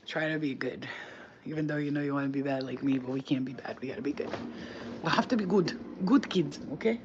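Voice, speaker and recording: A man's voice: a little high, fairly quick, background noise. Blunt, chatty man with lo-fi sound. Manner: chatty, blunt, swears freely. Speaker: livestream spiritual reader. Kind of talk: casual livestream chat.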